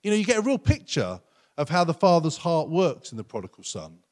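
A man preaching a sermon as pastor, earnest and conversational, often acting out quotes in lively voices. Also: on the high side, a little fast.

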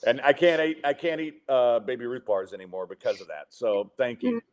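A man hosting a podcast, chatting in a laid-back, rambling way with halting restarts. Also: mid-range voice, very animated. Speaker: podcast host. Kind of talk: casual podcast chat.

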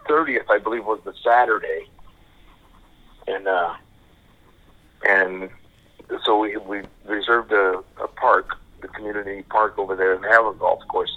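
An older man speaks over a tinny, narrow phone line, his voice sitting a little low. He tells his story casually and haltingly, restarting and repeating words as he goes. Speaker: guest.

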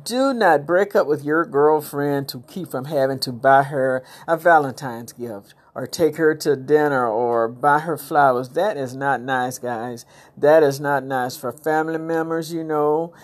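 A middle-aged woman with a low voice hosting her podcast. She rambles through a casual, uplifting monologue full of preachy asides to her listeners. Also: measured pace. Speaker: podcast host.

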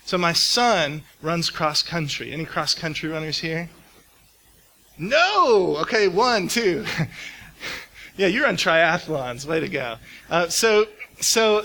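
A man's voice: on the high side, sharp tone, a little hiss or hum. A middle-aged man preaching a sermon to a congregation, telling a personal story in a conversational way and asking the room questions. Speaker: pastor. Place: church hall before a congregation.

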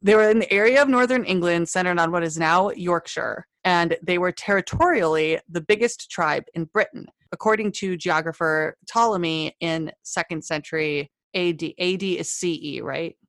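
Woman, podcast co-host, chatty, self-deprecating, lowish voice, dry close sound. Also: moderate pace, hardly any pauses, a bit bright, dry recording. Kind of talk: casual chat, storytelling history.

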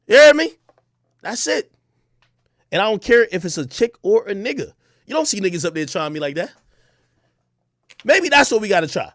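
Brief: trash-talking man, high voice, sharp bright tone, loud boastful rant in a dry room. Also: very animated, moderate pace, pauses often, no room sound. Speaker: online personality. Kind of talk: ranting to camera.

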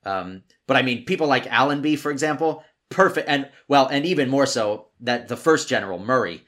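A man with a mid-range, ordinary speaking voice, weighing in on a film in relaxed conversation. He lays out his point with confidence, building from one example to the next. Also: medium pitch, a little fast. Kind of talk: casual film discussion.

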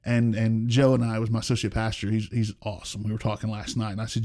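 A man's voice: fairly low pitch, flat delivery, fast talker, hardly any pauses, warm tone. A man in his forties, a senior pastor, telling personal stories earnestly in a casual conversation and acting out what people said. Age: 40s. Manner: earnest storytelling, acts out quoted voices.

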